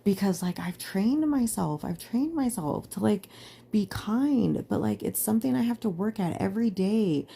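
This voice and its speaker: A woman's voice: medium pitch, expressive, moderate pace, creaky, mellow, husky. A young adult woman hosting a podcast, talking in an earnest, emphatic monologue full of "like" fillers. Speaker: podcast host. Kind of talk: casual personal monologue.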